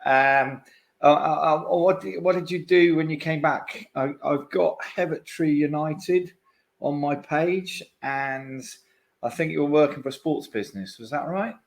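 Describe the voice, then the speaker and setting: A man's voice: fairly high pitch, a little slow, creaky. A man hosting a podcast, asking long, rambling questions full of restarts and fillers in a casual interview. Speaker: podcast host.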